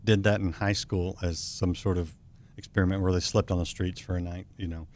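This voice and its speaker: An American man hosting a TV talk show, asking questions in a relaxed, easygoing way and thinking aloud with fillers. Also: deep voice, a little fast, slight background noise. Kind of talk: casual interview chat.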